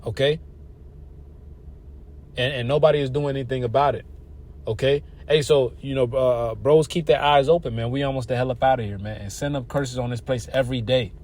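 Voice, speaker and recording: A man with a voice of ordinary pitch delivers a casual sermon, reading verses slowly and stumbling over words. Between passages he breaks into loose, slangy commentary that grows fired up. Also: fairly even intonation, darkish tone. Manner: loose slangy preaching, reads verses haltingly, laughs and gets fired up. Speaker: religious teacher.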